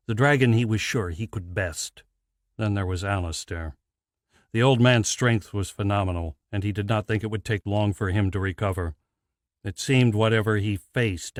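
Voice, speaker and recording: A man narrating a fantasy audiobook in a measured, deliberate scripted read. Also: fairly low pitch, no echo, studio quality.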